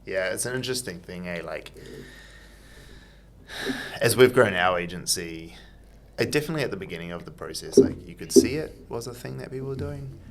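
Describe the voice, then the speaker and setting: Deep gravelly podcast host, a man. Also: expressive, fairly quick. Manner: loose, filler-heavy questions with many restarts. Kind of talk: casual interview chat.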